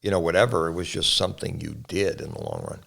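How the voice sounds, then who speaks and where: Older guy, very deep and gravelly, earnest, reminiscing about the old days. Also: wildly swooping pitch, quick pace, a bit bright. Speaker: pastor and guest. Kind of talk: casual family conversation.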